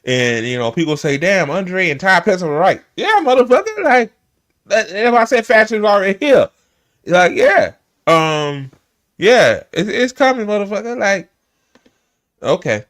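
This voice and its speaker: A man's voice: high-pitched, sing-song, normal speed, a bit bright. A man hosting a live stream, ranting heatedly and swearing often as he reacts to a clip. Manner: emphatic, swears often, repeats himself. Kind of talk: heated profane rant.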